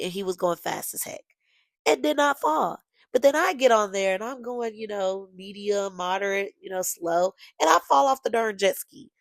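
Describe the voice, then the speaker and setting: A young woman hosting her own podcast, telling a personal story in a lively, gushing way and talking straight to her listeners. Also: mid-range voice, gravelly, dry recording. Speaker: podcast host. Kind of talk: casual storytelling monologue.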